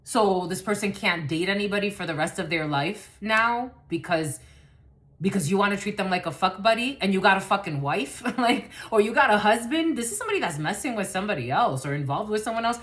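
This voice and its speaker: A woman's voice: mid-range voice, expressive, a little fast, fairly bright tone. A woman giving a collective tarot reading to camera, blunt and rambling, swearing freely and laughing often. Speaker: tarot card reader.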